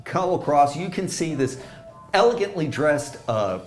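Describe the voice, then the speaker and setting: A man's voice: on the high side, very animated, measured pace, soft background music. A man running a tabletop game, describing scenes in a rambling way and correcting himself as he goes. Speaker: game master.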